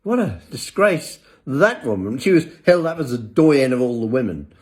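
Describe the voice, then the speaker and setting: A man's voice: mid-range voice, expressive, moderate pace, darkish tone. An older man delivers a blunt, swearing monologue. He sounds sarcastic and scornful as he talks on his own. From England. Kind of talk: ranting monologue.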